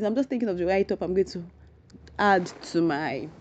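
A woman's voice: mid-range voice, lively intonation, brisk. Woman rambling through a solo podcast. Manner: rambling, thinking out loud; effusively grateful. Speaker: podcast host. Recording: dull lo-fi recording.

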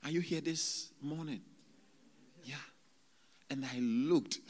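A man preaching a sermon to a congregation, swinging between loud exclamations and hushed, whispered retelling, halting often as he speaks. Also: fairly high pitch. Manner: halting, with many restarts and drawn-out words. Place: church service.

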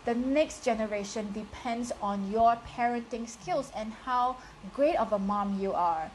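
A woman's voice: a little high, a little slow, darkish tone, slight background noise, rough recording. A woman who is a stay-at-home mother and community builder, talking earnestly and emphatically in a casual interview, with frequent fillers.

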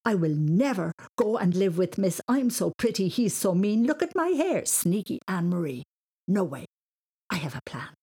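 A woman's voice: medium pitch, normal speed, darkish tone, breathy edge. A woman voicing a determined, forgetful little boy who talks eagerly and emphatically.

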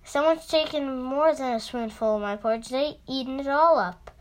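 Woman doing a whiny baby bear from a storybook, high-pitched, upset. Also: moderate pace, close to an everyday voice. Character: small crying baby bear. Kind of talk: storybook reading.

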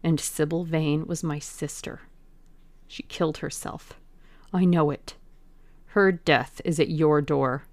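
A woman voicing a vengeful young sailor who growls low, half-whispered threats in a dramatized audiobook reading. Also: steady tone, slow, long pauses, a little mellow, dry recording. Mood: menacing.

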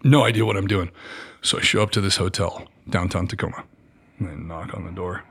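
Man, 30s, casual storyteller, low pitch, animated, lots of "dude". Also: brisk, gravelly, husky. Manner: animated, acts out quotes, says "dude" a lot. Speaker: guest, former military contractor.

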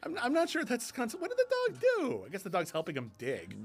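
A man's voice: very high-pitched, fast talker, slightly rough, faint music behind. A man co-hosting a film podcast, talking casually and wryly about a movie with ironic asides. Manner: wry, lively, ironic asides.

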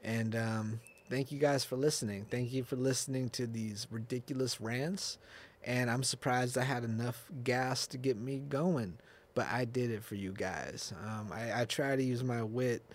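A man's voice: medium pitch, steady tone, normal speed. A young man riffs alone on his podcast in a loose, unscripted ramble. He swears freely, laughs often and restarts his sentences as he chases one tangent after another. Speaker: podcast host. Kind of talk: casual solo podcast rant.

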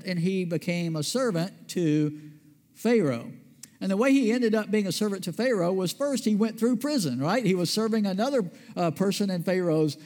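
A man's voice: high voice, a little mellow. A man pastor preaching a sermon in a conversational way, asking his listeners questions and answering them himself. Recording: long reverb of a large hall.

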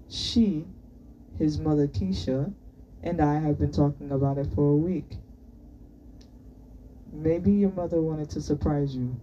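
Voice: mid-range voice, unhurried, pauses often, mellow, lo-fi sound, slight background noise, natural voice. A reader voicing a stern older male teacher who gives formal, clipped commands in a book reading.

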